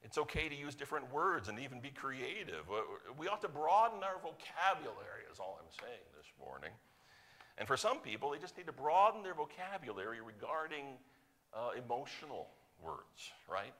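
A man preaching a sermon, moving between emphatic loud stretches and quiet, slowed-down points. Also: mid-range voice, very animated. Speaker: pastor.

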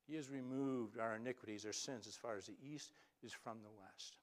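A male pastor preaching a sermon, telling Bible stories with animated, acted-out quotes and some stammered restarts. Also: medium pitch, a little fast, hardly any pauses.

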